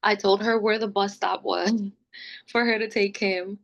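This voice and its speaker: Her voice sits in the mid-range, a little slow and creaky, and the recording is muffled. A young woman appearing as a podcast guest, she relates a personal story casually, animatedly acting out others' quotes.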